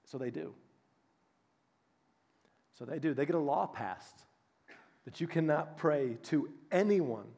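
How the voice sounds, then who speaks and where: A man preaching a sermon, telling biblical stories with animated, acted-out voices. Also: fairly high pitch, slow pace, long pauses, slightly rough. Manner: animated storytelling, acts out voices of biblical figures. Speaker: pastor.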